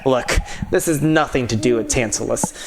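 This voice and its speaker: A man's voice: medium pitch, normal speed, a crowd in the background, pitched below the performer's own voice, close to an everyday voice. A man voicing a cocky young male thief hero, laid-back and offhand. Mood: casual.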